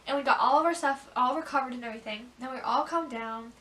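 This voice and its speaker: High-voiced teen girl telling stories. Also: quick pace, bright, forceful tone. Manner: chatty, full of "like", breaks into laughs. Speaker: vlogger. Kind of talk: casual storytelling to camera. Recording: echoey room, mic at a distance.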